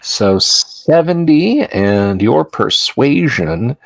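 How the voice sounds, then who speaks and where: A man running a tabletop horror game, narrating slowly and deliberately with fillers. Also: medium pitch, very animated, gravelly, slight background noise. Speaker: game master.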